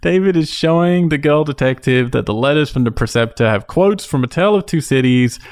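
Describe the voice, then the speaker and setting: A man's voice: fairly high pitch, animated, fairly quick, darkish tone. A man in a casual podcast chat, retelling a show's plot and laughing as he goes. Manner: storytelling, laughs between lines. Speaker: podcast co-host. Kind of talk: casual chat recapping a show.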